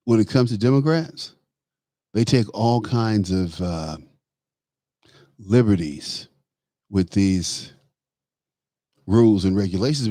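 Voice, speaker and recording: Male talk host, low-pitched, blunt animated commentary, dry close-miked recording. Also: no room sound. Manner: animated, laughs while talking, blunt asides. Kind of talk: solo political commentary.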